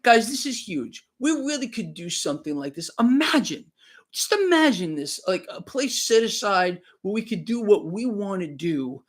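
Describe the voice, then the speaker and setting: A man's voice: high voice, sing-song, normal speed. A man talking fervently on a live stream, emphatic and repeating himself. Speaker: online commentator.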